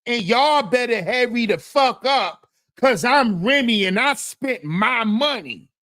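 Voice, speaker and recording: A man mimicking a loud, belligerent woman who makes demanding scenes in restaurants. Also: extremely high pitch, expressive, takes it slowly, no echo, clean studio sound, pitched above the performer's own voice, exaggerated voice.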